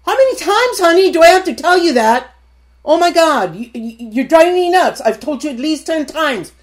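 A woman voicing an exasperated wife who nags her husband in a shrill, scolding voice. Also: very animated, fairly quick.

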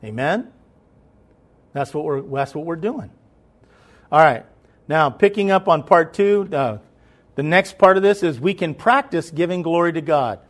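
His voice a little high, a man gives a conversational sermon. He frequently checks that listeners are following along, then lifts into loud, emphatic preaching.

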